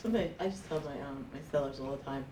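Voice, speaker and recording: A woman's voice: rumbling low, rapid-fire, dark tone. A woman in a real estate class audience, chiming in with practical advice about her own sellers.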